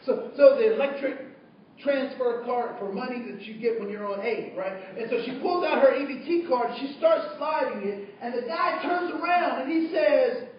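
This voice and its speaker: A man telling an animated story to an audience, acting out voices and dialogue. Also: very high voice, normal speed. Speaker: diversity trainer telling a story. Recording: distant, dull, very echoey room recording with faint noise.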